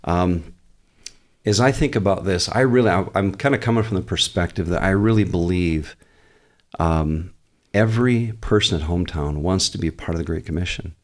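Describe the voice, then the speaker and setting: A male pastor with a notably low voice, talking in a relaxed podcast interview. He thinks aloud and circles back to restart his points. He keeps an earnest, conversational tone and lets some easy humor in. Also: moderate pace. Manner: earnest, explains at length with frequent restarts.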